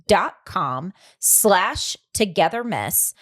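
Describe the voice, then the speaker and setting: A woman co-hosting a podcast who tells family stories with lively energy and acts out the lines people said. Her voice sits at a middle pitch for a woman, and she talks in a casual, conversational way. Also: very slow. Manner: animated storytelling, acts out quotes. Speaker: podcast co-host. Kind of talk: casual chat and storytelling.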